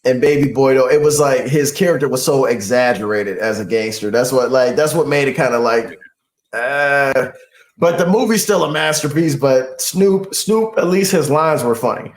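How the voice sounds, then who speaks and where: A man's voice: mid-range voice, moderate pace, echoey room. A man co-hosting a podcast in casual chat, slangy and emphatic, laughing often. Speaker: podcast co-host.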